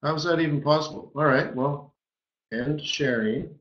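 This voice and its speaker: A man's voice: a little high, normal speed, fairly bright tone. A man hosting a live trading webinar, exclaiming playfully as he goes through the charts. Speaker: forex webinar host. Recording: roomy, slightly dull webinar audio.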